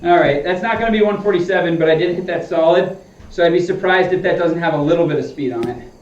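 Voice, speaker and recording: A man's voice: a little high, fast, background noise. A man live-streaming golf practice, explaining his swing feel to viewers and talking to himself between shots. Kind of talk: casual live-stream chat while practicing. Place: home simulator room. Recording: roomy dull sound, mic at a distance.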